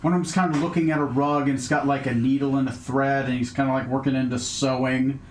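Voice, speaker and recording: A man narrating a tabletop game as game master, halting and full of filler sounds. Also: medium pitch, level tone. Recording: echoey room, faint background noise.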